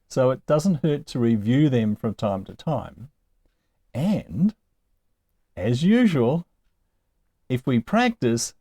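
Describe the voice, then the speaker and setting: A Greek teacher explains a recorded lesson slowly and unhurriedly, his pitch rising and falling widely. His tone is mellow and dark, the sound dry and close with no echo, and he keeps posing gently wry rhetorical questions.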